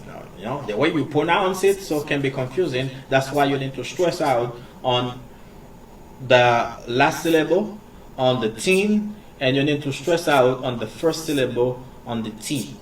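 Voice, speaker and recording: A man teaching English in a casual, halting way, with many fillers and repeated words. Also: medium pitch. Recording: distant mic with faint background noise.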